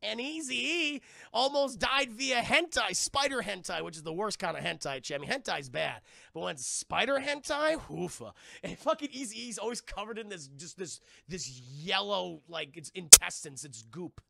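Male streamer, very gravelly, bright edge, dry close sound, swearing excitedly. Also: sits high, moderate pace, dry recording. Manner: profane, excitable, keeps addressing chat. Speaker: live streamer. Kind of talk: casual film recap on a live stream.

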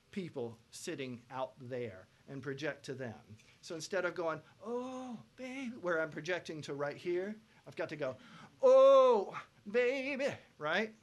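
A man teaching a pop vocal production masterclass to students, lively, breaking into loud sung examples. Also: fairly high pitch. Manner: animated, belts out sung examples.

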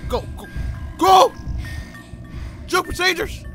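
A man giving loud, excitable commentary while playing a horror game, full of slang and yelling at jump scares. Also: very high voice, takes it slowly, faint music behind. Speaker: gamer.

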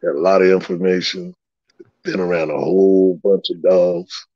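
A man's voice: low voice, fairly even intonation, moderate pace, darkish tone, dry recording. A man telling old stories in a casual, profane way, laughing often and acting out the dialogue. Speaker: guest recounting old stories. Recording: slightly dull lo-fi sound.

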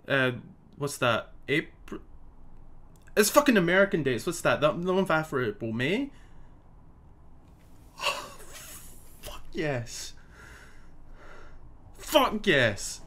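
A young man giving live reaction commentary, excitable and pleading, swearing often. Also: a little high. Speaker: video host reacting to a game trailer.

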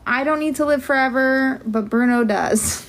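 A young woman talks casually to her livestream viewers from home, rambling and padding her sentences with filler words. Her voice sits a little high for a woman. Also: moderate pace.

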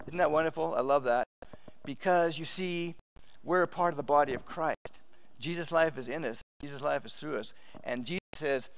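Man, pastor, sermon, fairly high voice, animated, restarts often, dull lo-fi recording. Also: moderate pace. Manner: animated storytelling with frequent restarts.

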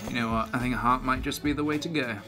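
A man's voice: medium pitch, steady tone, fast. Goofy young australian guy over music. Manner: goofy, playful, self-amused. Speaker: YouTube creator. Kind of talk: jokey behind-the-scenes vlog. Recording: music playing behind the voice. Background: background music.

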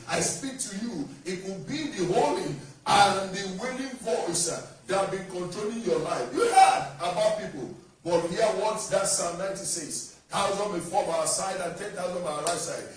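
A man preaches with a high, ringing voice and pulls the congregation into call-and-response. He is far from the mic, and his voice echoes heavily around the church hall. Faint noise sits underneath. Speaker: pastor. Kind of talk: sermon.

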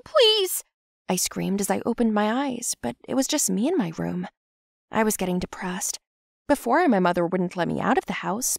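A young woman from Central Asia narrating her own animated story in an expressive, dramatic way. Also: medium pitch, vocal fry, no room sound, studio quality. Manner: expressive, dramatic, shouty at peaks.

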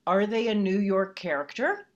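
A woman's voice: mid-range voice, lively intonation, moderate pace, highs cut off. A woman podcast host telling a funny story in casual chat, acting out the people she quotes.

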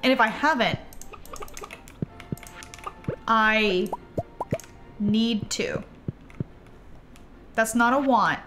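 A woman's voice: on the high side, drawn-out words, long pauses. A young woman streaming a farming game, chatting casually and bubbly with her viewers, with gasps and trailing asides. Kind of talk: casual gameplay chat with viewers. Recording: music playing in the background.

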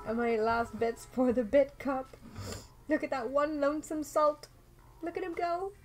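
A young Irish woman chatting casually through a game livestream, excitable and talking to her viewers and the game characters. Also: high-pitched. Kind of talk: casual let's play commentary.

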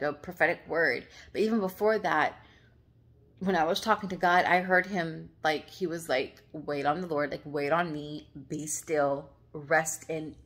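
A woman in a tearful, sniffling state, speaking haltingly with many fillers and apologies as she shares a devotional journal in a casual vlog. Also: fairly low pitch. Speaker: vlogger sharing devotional reflections. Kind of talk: emotional devotional vlog, reading journal aloud.

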